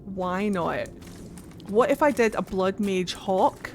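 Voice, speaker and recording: A woman's voice: mid-range voice, slow, slight background noise. Woman streamer, casual chatty delivery, mid-range voice, talks to her chat while playing. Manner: chatty, greets viewers and reads game text aloud. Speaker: game streamer.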